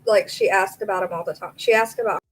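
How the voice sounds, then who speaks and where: A woman's voice: medium pitch, steady tone, fast talker, low-quality recording. A woman hosting a true crime live stream, chatting casually, answering viewers by name and reading messages aloud.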